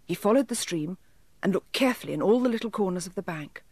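Woman narrator, children's storybook, animated pitch, breathy, dry close sound. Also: fast, no echo. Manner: gentle, expressive storytelling. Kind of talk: storybook reading.

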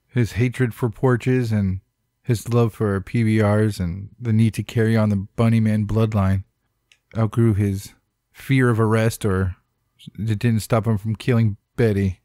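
A man's voice: fairly low pitch, fairly even intonation, a little slow, warm tone, no room sound, studio quality. A man co-hosting a podcast in casual chat, swearing freely and cracking jokes. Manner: heavy casual swearing, wisecracking. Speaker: podcast co-host.

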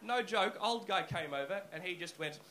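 A male stand-up comedian telling a story on a comedy club stage, animated and swearing freely, into a handheld mic. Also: sits high, moderate pace, poor audio.

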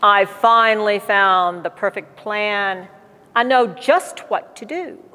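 A woman's voice: medium pitch, slow, pushed and bright, voice pushed down. A woman voicing an exasperated male farmer in a children's storybook reading, in a reverberant hall. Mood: determined. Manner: exasperated exclamations. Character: grumbling male farmer trying to wash pigs.

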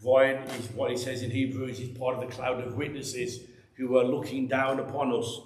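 A man's voice: medium pitch, level tone, normal speed, darkish tone. Guy preaching, punchy and repeating himself, lots of echo from the room. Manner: emphatic, conversational preaching with repeated phrases. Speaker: pastor. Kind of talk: sermon. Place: church. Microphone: microphone. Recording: echoey church room.

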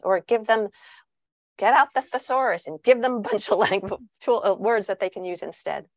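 A woman who writes on parenting answers interview questions over a video call, lively, and she acts out the voices she quotes. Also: medium pitch, normal speed, no echo. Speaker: parenting author and guest speaker.

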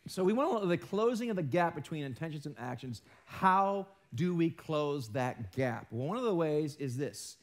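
High-voiced joking male pastor. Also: lively intonation, normal speed, few pauses. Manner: joking, self-mocking asides; talks with his hands. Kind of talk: live sermon. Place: church sanctuary.

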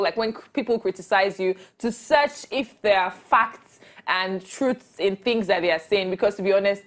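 A young woman with a Nigerian accent, chatting as an interview guest. She is bubbly, laughs often and acts out the voices of people she quotes. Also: mid-range voice. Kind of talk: casual interview chat.

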